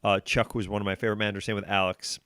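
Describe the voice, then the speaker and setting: A man in his forties, a comedian guest on a podcast, telling animated stories and acting out what people said. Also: fairly low pitch, rapid-fire, clean tone, dry recording, studio quality. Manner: animated storytelling, acts out quotes. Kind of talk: casual podcast conversation.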